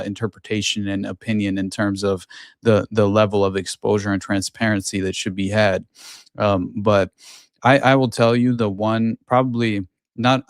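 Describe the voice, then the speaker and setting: A man hosting a podcast conversation, speaking haltingly with many fillers and restarts. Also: lowish voice, no echo, studio quality. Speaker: podcast host.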